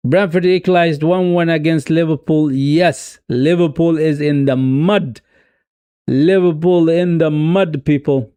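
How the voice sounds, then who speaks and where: A man with a Swedish accent streaming a live football watch-along, excitedly cheering on his team and chatting casually with viewers. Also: fairly high pitch, a little slow, smooth, no echo. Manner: self-mocking, casual asides to viewers.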